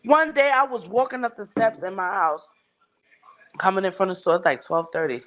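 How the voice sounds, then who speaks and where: A woman's voice: mid-range voice, brisk, a bit bright. A woman hosting a livestream, talking bluntly and emphatically and swearing heavily. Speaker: livestream host. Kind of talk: casual chat.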